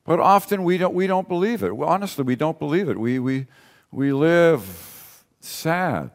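A man's voice: a little high, animated, moderate pace. A man preaching a sermon in a conversational way, repeating key phrases and asking rhetorical questions. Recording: long reverb of a large hall.

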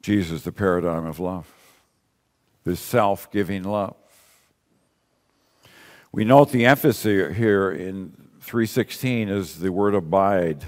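A man's voice: low voice, slow, pauses often, a little mellow. A man preaching a sermon in a conversational way, repeating key phrases and asking rhetorical questions. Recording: long reverb of a large hall.

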